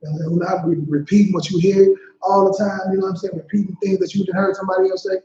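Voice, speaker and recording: A man with a high-pitched voice explains scripture in a relaxed, slangy way, filling gaps with "you know what I'm saying." The sound is dull, in an echoey room. A low hum sits behind him. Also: fast. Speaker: Bible study leader. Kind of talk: casual scripture teaching. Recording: dull echoey livestream audio.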